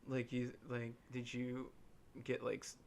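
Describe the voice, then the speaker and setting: Young guy from illinois rambling on a podcast, lots of likes and ums, gravelly voice. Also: mid-range voice, a little slow. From Illinois, USA. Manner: rambling, filler-heavy storytelling with animated quoted voices. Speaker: podcast co-host. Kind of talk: casual chat.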